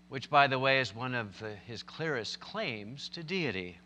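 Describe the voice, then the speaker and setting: A man's voice: mid-range voice, animated, a little slow, hardly any pauses, pushed and bright, long reverb tail. A man preaching a sermon, telling stories and building to emphatic, impassioned points. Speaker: pastor.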